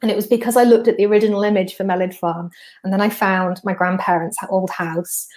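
A chatty woman from North Wales hosts a podcast, talking through a walkthrough at mid pitch. She explains things step by step in an easygoing, conversational way. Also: fairly even intonation, a little fast, a little mellow. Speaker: podcast host. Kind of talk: casual explanatory walkthrough of slides.

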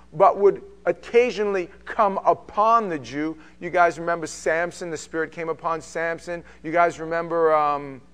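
Pastor guy preaching hard in church, kinda high voice, loud then quiet. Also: smooth. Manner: emphatic preaching with shifts between loud and quiet. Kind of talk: sermon. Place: church sanctuary.

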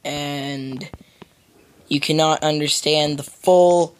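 A man's voice: fairly high pitch, steady tone, takes it slowly, a little hiss or hum. A young American man rambling through casual gameplay commentary, goofy and full of silly "boop" sound effects. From United States. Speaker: gamer.

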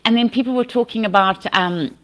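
A woman's voice: on the high side, brisk. Chatty South African woman podcast host. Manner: chatty, laughs often, many restarts. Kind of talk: casual news chat.

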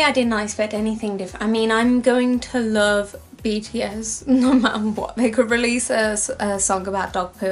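A young woman, gushing and rambling excitedly as she reacts on camera. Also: on the high side. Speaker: reaction video host. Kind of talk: casual reaction commentary. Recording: faint music in the background. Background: music playing faintly.

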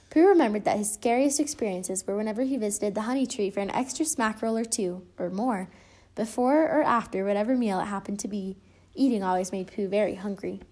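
A woman reading a children's storybook aloud, telling it gently and giving the characters light voices. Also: mid-range voice, a little fast. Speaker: storybook reader.

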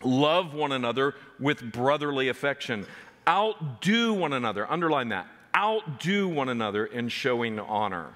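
Preacher in an echoing hall. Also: male voice, mid-range voice, expressive, moderate pace, a bit bright. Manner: preaching with rising emphatic points. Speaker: pastor. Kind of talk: sermon. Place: church sanctuary.

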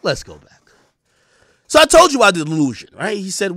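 A man in his thirties ranting on a stream, animated, profane and mocking. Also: high voice, a little fast, pauses often, no room sound, clean studio sound. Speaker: streamer commentator. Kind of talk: ranting commentary.

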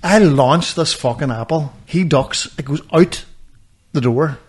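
A man's voice: a little high, measured pace, husky. A young man, co-hosting a podcast and telling a rambling, sweary anecdote in casual chat. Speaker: podcast co-host.

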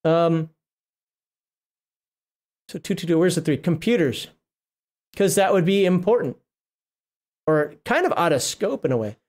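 A man's voice: fairly high pitch, animated, measured pace, long pauses, a little mellow. A middle-aged man hosting a casual livestream, reading rules aloud and rambling, often breaking off mid-word. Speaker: livestream host reviewing a tabletop RPG book.

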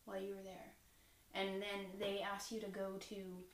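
A woman's voice: medium pitch, completely flat delivery, moderate pace. A woman interviewer framing her questions hesitantly, with many fillers and restarts. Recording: echoey room, distant mic, faint hiss.

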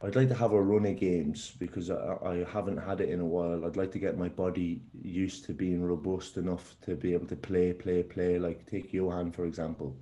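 Young footballer guy, really low mellow voice, keeps repeating himself. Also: fairly even intonation. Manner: halting, repeats words. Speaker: footballer guest. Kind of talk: casual interview.

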